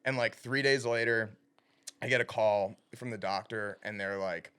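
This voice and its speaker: A young man co-hosting a podcast, telling a long story in casual chat, animated and swearing, laughing at his own punchlines. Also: lowish voice, normal speed, clear, resonant tone. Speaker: podcast co-host. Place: recording studio.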